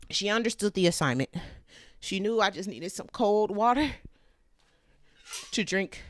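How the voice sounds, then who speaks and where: A woman's voice: medium pitch, noisy background. A woman hosting a show in a casual chat, candid and profane, laughing often as she rambles while walking and tending her baby. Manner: candid and profane, with loose chatty tangents. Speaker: host.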